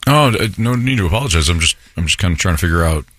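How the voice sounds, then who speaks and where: Male podcast co-host, dry close sound, lively pitch. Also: rapid-fire, no room sound. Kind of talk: casual chat.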